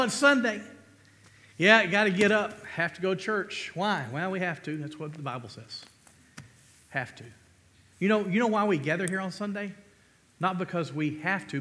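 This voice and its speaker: A man's voice: high-pitched, fairly bright tone. A man pastor preaching a sermon, emphatic, asking the congregation questions and calling for amens. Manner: emphatic preaching, rhetorical questions, calls of amen. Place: church sanctuary. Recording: long reverb of a church hall.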